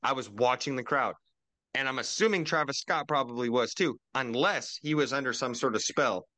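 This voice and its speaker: A young man co-hosts a casual podcast over a video call, ranting and swearing as he goes. His voice is bright and forceful. The sound is dry and close. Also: medium pitch, normal speed, no echo. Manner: ranting, profane, swings into loud mocking quotes. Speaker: podcast co-host. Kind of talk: casual conspiracy podcast chat.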